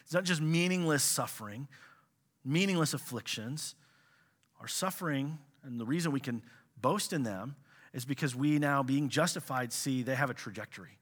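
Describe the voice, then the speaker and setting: A man preaching a sermon, animated, swinging between loud exclamations and quiet asides. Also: mid-range voice, normal speed. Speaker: pastor.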